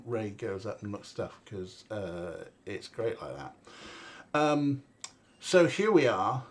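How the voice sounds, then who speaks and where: A man's voice: lowish voice, sing-song, slow, a little hiss or hum. Jokey man commentating a game. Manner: jokey, rambling, laughs often. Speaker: let's play streamer. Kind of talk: casual gameplay commentary.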